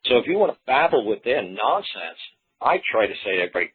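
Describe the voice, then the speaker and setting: A man's voice: mid-range voice, big pitch swings, fast, breathy edge. A man hosting a radio show, rambling in a folksy way and repeating himself as he explains. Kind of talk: casual talk radio monologue. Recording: tinny phone-line audio.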